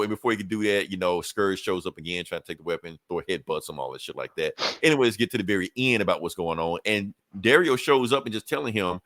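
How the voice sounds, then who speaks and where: A man co-hosting a podcast, casually recapping a comic with animated, profane retellings. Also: low voice, quick pace, hardly any pauses, dry recording, studio quality. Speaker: podcast co-host.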